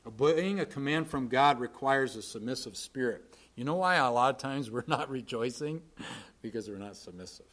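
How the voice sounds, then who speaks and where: Male pastor, mid-pitched voice, earnest sermon delivery, loud emphasis dropping to quiet asides. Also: lively intonation, moderate pace. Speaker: preacher.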